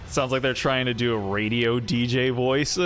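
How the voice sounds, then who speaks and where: Man, game streamer, sarcastic rambling commentary, bright forceful voice, slow. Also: medium pitch. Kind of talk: casual gameplay commentary.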